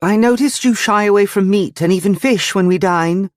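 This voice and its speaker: A man voicing an eager, adoring young woman in a high, breathless voice for an audiobook. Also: moderate pace, no echo, studio quality, close to an everyday voice.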